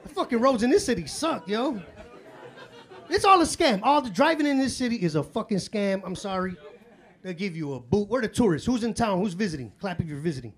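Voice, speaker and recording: A man doing live stand-up comedy in a club, telling stories in a profane, excitable way. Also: sits high, a little fast. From Chicago. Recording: live club with audience laughter. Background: crowd laughter and room noise.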